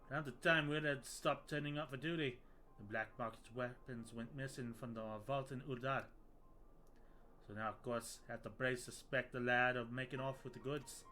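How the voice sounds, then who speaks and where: A man voicing a blunt, worried male mercenary captain in a put-on rough British-style accent, reading game dialogue in a gruff, slangy way. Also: medium pitch, bright, forceful tone, natural voice.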